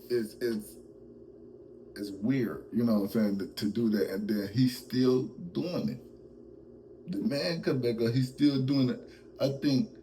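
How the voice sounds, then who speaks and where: A man's voice: medium pitch, dark tone, a little hiss or hum, low-quality recording. A male host giving casual, comedic commentary, laughing often and rambling with fillers.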